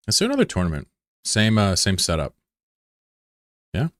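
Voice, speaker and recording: A man's voice: fairly low pitch, wildly swooping pitch, moderate pace, long pauses, fairly bright tone, no room sound, studio quality. A young American man chatting loosely with viewers on a stream, rambling and swearing freely. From USA. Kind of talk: casual chat with viewers.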